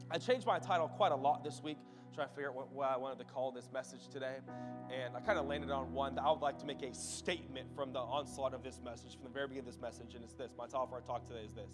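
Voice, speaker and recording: A man in his thirties from the United States, preaching a sermon and telling stories with animated, emphatic delivery. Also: mid-range voice, fast talker. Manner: animated storytelling, rising loud for emphasis. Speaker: pastor. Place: church sanctuary. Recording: long hall reverb with faint music.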